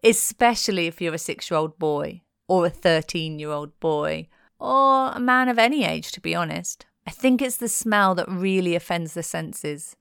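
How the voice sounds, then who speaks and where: A woman's voice: fairly low pitch, expressive, normal speed, gravelly, a bit bright, clean tone, no room sound, studio quality. A woman presenting in a playful, cheeky tone, reading a scripted narration.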